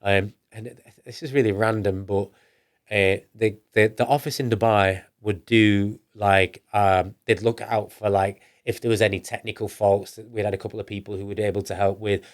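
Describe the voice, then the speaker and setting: Speaking at a moderate pace in a fairly low voice, a man from northern England tells his business story loosely during a relaxed podcast interview. He stumbles into restarts and repeats himself, then acts out what he and others said.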